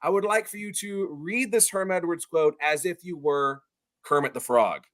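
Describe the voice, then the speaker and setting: A man hosting a casual comedy show, loud and laughing, saying y'all. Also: fairly high pitch, moderate pace. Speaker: podcast host. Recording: music in background.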